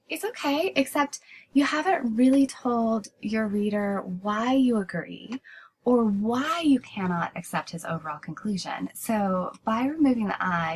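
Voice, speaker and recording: A woman's voice: medium pitch, slight background noise, rough recording. A woman teaching a writing class in a recorded lecture, explaining steadily and often restarting with "so".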